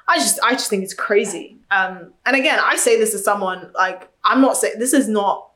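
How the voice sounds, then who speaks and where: A young woman talking in a casual chat, outspoken and animated, acting out what other people said. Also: mid-range voice, normal speed. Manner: outspoken, animated storyteller, acts out quotes.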